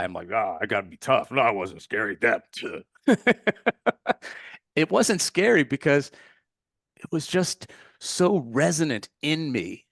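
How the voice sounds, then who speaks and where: On a clean, dry studio recording, a medium-pitched man who teaches meditation answers interview questions as a podcast guest. He tells stories casually and earnestly from the heart, stumbling into fillers and correcting himself as he goes.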